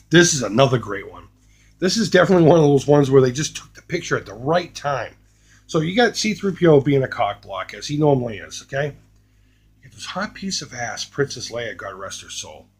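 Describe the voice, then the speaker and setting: A man casually showing off a box of collectibles, joking crudely and doing quick mocking voices for the pictures. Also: mid-range voice, lively intonation, a little hiss or hum. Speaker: retro collecting YouTuber. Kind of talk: casual unboxing commentary.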